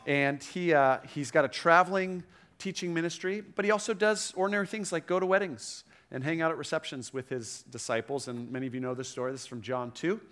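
A man's voice: on the high side, fairly quick, fairly bright tone. A middle-aged man preaching a sermon to a room, conversational, with frequent asides and restarts. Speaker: pastor.

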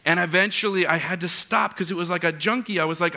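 A man's voice: high-pitched, fast, creaky. A young adult man preaching a sermon, telling humorous stories and acting out the voices in them. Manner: animated, acts out voices in anecdotes. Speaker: pastor.

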